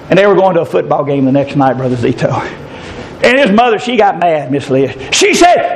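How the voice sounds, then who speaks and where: A man's voice: on the high side, big pitch swings, fairly quick. A middle-aged man, preaching a folksy, fervent sermon and calling out to listeners by name.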